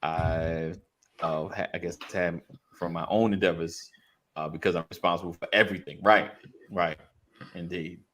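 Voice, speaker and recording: A man's voice: sits low, steady tone, moderate pace, a bit bright, a little hiss or hum. A man co-hosting a casual faith talk, reading listener comments and constantly affirming with "right".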